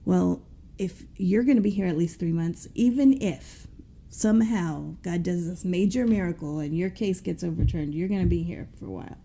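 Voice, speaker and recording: A woman's voice: fairly low pitch, moderate pace, gravelly, few pauses, warm tone. A woman voicing a stern, blunt woman prison inmate in a scolding, tough manner.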